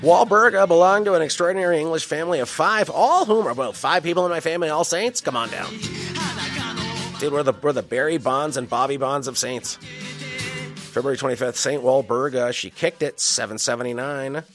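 A man's voice: a little high, fairly quick, music in the background. A man reading Bible passages aloud and breaking in with slangy, joking asides. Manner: wisecracking, slangy asides between scripture lines. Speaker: scripture reader and commentator.

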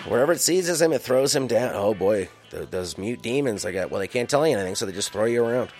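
A man's voice: on the low side, expressive, quick pace, over music. A man reading Bible passages aloud and breaking in with slangy, joking asides. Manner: wisecracking, slangy asides between scripture lines. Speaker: scripture reader and commentator.

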